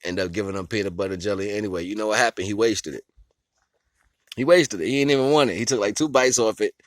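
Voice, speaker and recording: A vlogger sharing his life philosophy rambles in a laid-back monologue, chuckling often, constantly saying "you know what I'm saying," and explaining ideas through simple everyday comparisons. His voice is on the low side and quick, with no echo.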